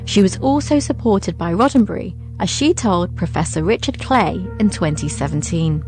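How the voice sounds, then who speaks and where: A woman giving scripted documentary narration in a clear, measured delivery. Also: on the low side, animated, darkish tone, faint music behind.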